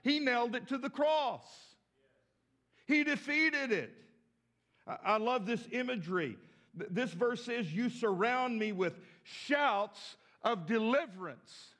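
A pastor from the States, preaching a sermon with emphatic rises and repeated words. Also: male voice, extremely high pitch, very animated, takes it slowly, sharp tone. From southern United States.

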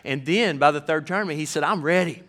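Bright-voiced folksy preacher man. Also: a little high, fast talker. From American South. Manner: folksy, animated, talks directly to the congregation. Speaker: pastor. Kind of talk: sermon.

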